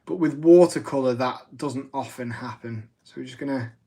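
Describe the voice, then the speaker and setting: A chatty man hosts a live craft demo at a mid-range pitch. He rambles through asides and pokes fun at himself, and his voice drifts as he moves around the desk mic. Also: moderate pace, creaky, dark tone. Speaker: craft livestream host.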